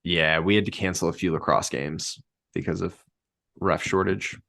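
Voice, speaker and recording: Very deep-voiced male podcast guest. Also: steady tone, moderate pace, gravelly, bright, forceful tone, no echo, studio quality. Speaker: guest, assistant football coach. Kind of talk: casual chat.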